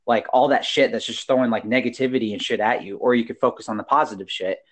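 A young man hosts a podcast, talking casually and swearing freely. He is animated and breaks into laughter often. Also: mid-range voice, quick pace. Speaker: podcast host.

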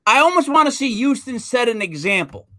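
Host type: lively, high, bright-voiced man, loose sports banter, dry room. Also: a little fast, no room sound. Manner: animated, opinionated, frequent fillers. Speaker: podcast co-host. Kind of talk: casual sports chat.

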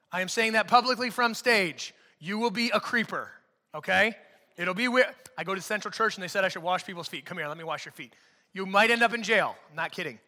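A man preaching from a church stage in a high, very bright, forceful voice, loose and conversational, slipping jokes into his sermon. His voice carries a long reverb from the hall around him. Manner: casual, joking, conversational preaching. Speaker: pastor.

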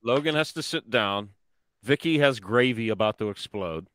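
A man's voice: on the low side, lively intonation, moderate pace, fairly bright tone, no room sound. A man hosting a podcast, casual chat, joking and teasing his guest. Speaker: podcast host.

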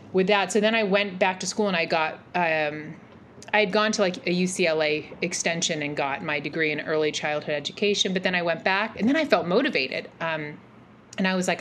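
A woman in her forties telling a personal story as a podcast guest, animated and rambling, with many fillers and restarts. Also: fairly low pitch, a little hiss or hum. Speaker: podcast guest, mental health practitioner. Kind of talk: casual interview storytelling.

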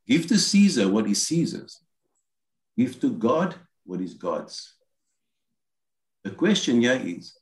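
A man preaching a sermon, explaining scripture and voicing quoted lines as he goes. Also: fairly low pitch. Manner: expository, quotes scripture in acted asides. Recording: roomy echo.

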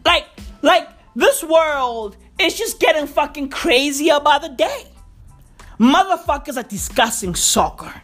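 A woman's voice: sits high, animated, measured pace, a bit bright, faint music behind. A woman delivering a profane, exaggerated comic rant full of slang and swearing. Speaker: comedian.

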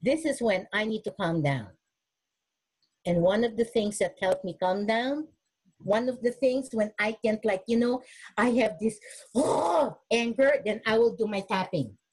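Husky-voiced woman demonstrating self-care. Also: on the high side, poor audio. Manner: earnest, animated, restarts often. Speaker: nurse speaking at a webinar. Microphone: webinar recording.

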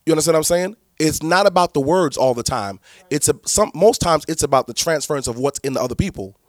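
A man's voice: on the high side, expressive, fast talker, no room sound, clean studio sound. A man, a pastor, teaching church leaders in a preaching style, emphatic and repetitive with many restarts.

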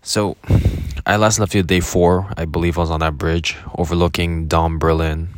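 A man's voice: sits low, little pitch movement, normal speed, no room sound. A young man casually recounting his travels as a vlogger, rambling and correcting himself with many fillers. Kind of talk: casual spoken travel diary.

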